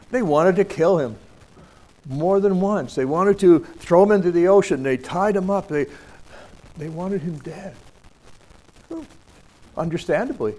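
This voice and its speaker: A man's voice: fairly high pitch, a little mellow. A man teaching a scripture lesson, reading verses aloud and then talking them over in a plain, conversational way. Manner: many fillers and restarts.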